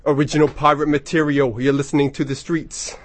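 A man's voice: fairly high pitch, fairly quick, dry recording. Chatty rambling male radio DJ. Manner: chatty and rambling, many ums, excitable. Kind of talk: casual on-air chat between songs. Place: radio studio. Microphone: studio microphone.

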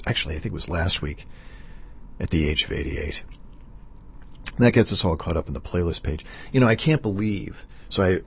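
Stammering low gravelly radio DJ man. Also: slight background noise. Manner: halting, stammers with many fillers. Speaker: radio DJ host. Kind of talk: casual on-air talk between songs. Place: radio studio.

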